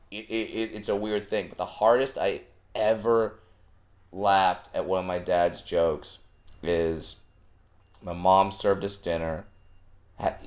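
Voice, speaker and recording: A low-pitched man chatting casually on a podcast as a comedian guest. He tells his stories with animated energy, slipping into other voices as he acts out the scenes. His delivery stays loose and conversational. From Southern California. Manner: animated storyteller, acting out family anecdotes.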